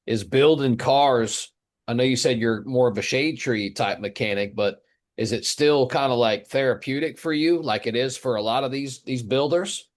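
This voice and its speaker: A man's voice: medium pitch, normal speed. A man hosting a podcast, asking a guest questions in an easygoing, loosely worded way. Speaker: podcast host. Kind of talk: interview questions.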